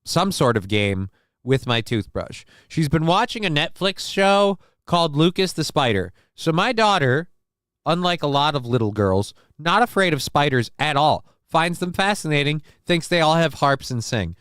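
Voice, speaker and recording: A man's voice: on the high side, sing-song, moderate pace, a bit bright, clear, resonant tone, no room sound. A man hosting a live stream, a father, talking in a rambling, crude, joking way while congested from a sinus infection. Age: adult, father of a six-year-old. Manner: rambling, crude and joking, often sneezing and sniffing. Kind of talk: casual live-stream chat. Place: home basement room. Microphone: desk mic close to the face.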